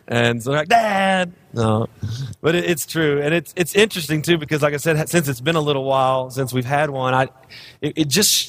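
Man, 30s, guest pastor, humorous sermon, joking, self-deprecating storyteller. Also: medium pitch.

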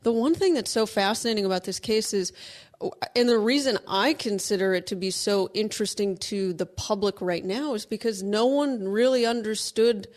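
A woman co-hosting a legal talk show, arguing her points in a brisk, assertive way. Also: medium pitch, a little mellow. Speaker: co-host, lawyer. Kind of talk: casual legal commentary.

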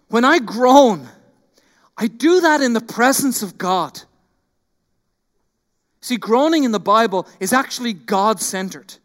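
A man with a high voice preaches from a church pulpit, his words ringing out with a long hall reverb. He is animated, acting out grumbling voices before falling back to a hushed, earnest tone. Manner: animated, acts out quoted complaints, drops to quiet intensity. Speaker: pastor. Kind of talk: sermon.

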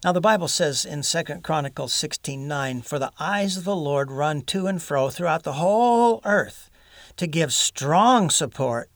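A man with a gravelly, slightly high voice preaches in an earnest, folksy style and adds homespun humor between scripture points. His voice is close and dry, with little room sound. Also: expressive, a little slow, no echo. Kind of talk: sermon.

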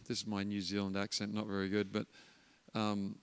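A man's voice: on the low side, brisk, clean tone. Man, guest preacher, storytelling sermon, acts out voices, echoing church hall. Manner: animated storyteller acting out voices.

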